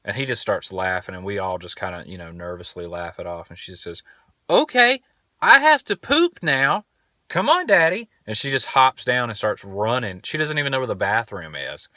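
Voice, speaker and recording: A man's voice: sits low, a little fast, hardly any pauses, bright, forceful tone, no echo, clean studio sound. A young man hosting a podcast, telling stories in a laid-back, rambling way and swearing casually. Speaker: podcast host. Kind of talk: casual storytelling monologue.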